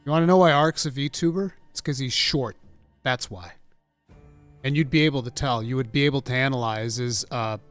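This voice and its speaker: A man streaming from home, chatting casually with a rambling, profane, mock-indignant manner that swings from mumbles to loud outbursts. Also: medium pitch, moderate pace, faint music behind. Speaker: streamer reacting to a game showcase. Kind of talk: casual livestream chat.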